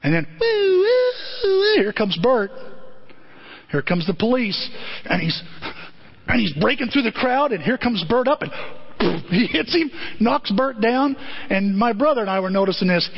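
A husky-voiced male pastor delivers a sermon as a lively storyteller, acting out scenes as he goes. His voice sits high and swings widely in pitch. The recording sounds muffled and lo-fi. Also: moderate pace, pauses often. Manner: animated storyteller, acts out scenes.

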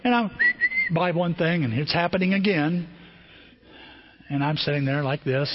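A pastor preaching a sermon, telling everyday stories in a lively way and often restarting his phrases. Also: fairly high pitch, moderate pace, dull audio, noisy background. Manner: storytelling, animated, repeats and restarts phrases.

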